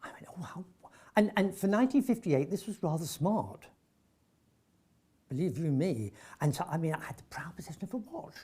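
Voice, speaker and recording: An older veteran actor from North London recalls career anecdotes in a husky, fairly high voice, speaking fairly quickly. He animates each story by acting out the exchanges, and he stammers and restarts often.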